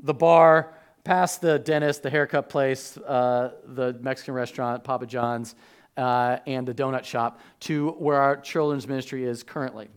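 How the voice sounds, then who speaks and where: A man preaching a sermon as a pastor, animated and joking, acting out the voices of biblical figures. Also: mid-range voice, moderate pace, smooth.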